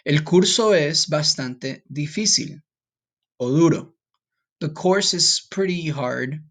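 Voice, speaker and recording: A man's voice: fairly high pitch, animated, slow pace, fairly bright tone. A man teaching a recorded Spanish vocabulary lesson, patiently breaking words down, having students repeat after him and checking in with "okay?".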